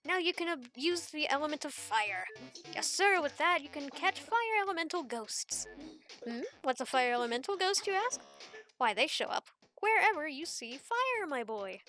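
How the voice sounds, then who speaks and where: A woman's voice: high-pitched, big pitch swings, normal speed, pushed and bright, faint music behind, exaggerated voice. A woman doing a folksy old professor. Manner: folksy, lecturing, calls the listener sonny and feller. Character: eccentric, chatty old male professor.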